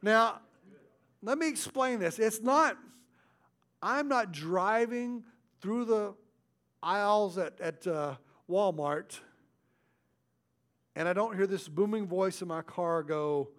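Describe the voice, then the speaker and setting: A man preaching a sermon as pastor, his delivery swinging between loud stresses and hushed, intimate asides. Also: high voice, slow, long pauses.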